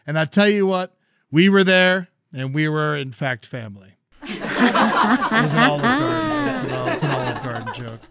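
A man's voice: on the high side, big pitch swings, moderate pace, over loud music. A man co-hosting a comedy chat show, joking and rambling, swearing freely. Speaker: co-host.

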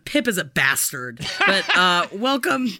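A woman co-hosting a comedy podcast from home, chatting loudly and swearing through jokey rants. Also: on the low side, big pitch swings, unhurried, dry recording. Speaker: podcast co-host. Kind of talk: casual comedic chat. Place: home room on a remote call.

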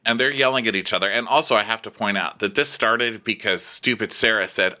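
Bright-voiced man recapping reality TV. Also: fairly quick, few pauses. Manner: mocking, acts out cast members in high voices. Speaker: podcast co-host. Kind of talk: casual recap chat.

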